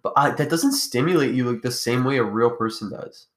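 A man's voice: mid-range voice, a little fast, fairly bright tone. A young man co-hosting a podcast, chatting loosely with slang, swearing and lots of fillers. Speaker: podcast co-host. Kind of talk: casual chat.

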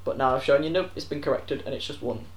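A man's voice: medium pitch, fast. A man co-hosting a podcast in casual chat, quizzing and teasing his co-host.

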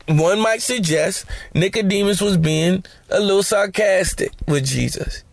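A man's voice: high voice, dry recording. A man hosting a podcast, teaching scripture in a conversational, slangy way with joking asides. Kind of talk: casual Bible teaching.

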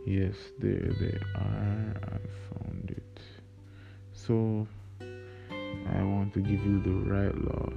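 A man's voice: lowish voice, flat delivery, extremely slow, vocal fry. A young man raised in Jamaica talks casually as a podcast host, hesitant and full of fillers. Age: young adult. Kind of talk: casual spoken reflection with readings. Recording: dull lo-fi recording over guitar music. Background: plucked guitar music.

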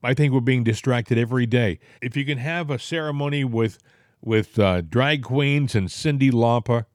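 A man's voice: mid-range voice, moderate pace, no echo, clean studio sound. A man with a Boston accent hosting a political talk show, rambling and indignant with plenty of filler words. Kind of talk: casual political chat.

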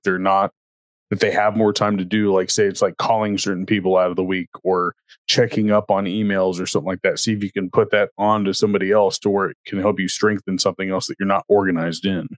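A man with a low voice co-hosts a casual podcast chat, rambling and restarting his sentences as he goes. The sound is close and dry, with no room around it. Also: no room sound. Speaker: podcast co-host.

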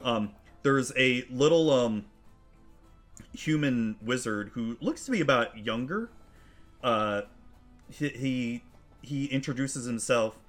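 A man's voice: mid-range voice, slow, long pauses, faint music behind. A man narrating a tabletop game as game master, casual and rambling with lots of fillers.

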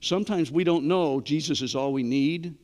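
Middle-aged guy preaching, kinda high voice, talks to the crowd like a chat, big echoey hall. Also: moderate pace, darkish tone. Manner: conversational preaching, asks the congregation questions. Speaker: pastor. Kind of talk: sermon.

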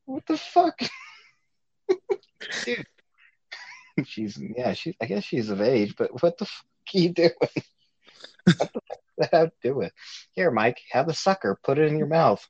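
A man swapping stories in a relaxed chat, swearing freely and laughing between lines. His pitch jumps around a lot. The sound is dry and a bit dull. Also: moderate pace, pauses often, breathy edge, dry recording. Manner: laughing, profane storytelling. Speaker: guest actor. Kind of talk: casual chat.

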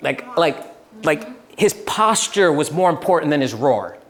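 A young man giving a relaxed, chatty sermon, telling stories with laughs and restarts. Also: on the high side, unhurried. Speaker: pastor. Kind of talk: casual sermon with storytelling.

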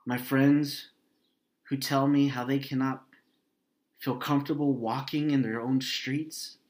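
A man preaching as a pastor, earnest and emotional, pausing often and dropping his voice soft and low. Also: little pitch movement. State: grieving, voice heavy with hurt. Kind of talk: sermon and prayer.

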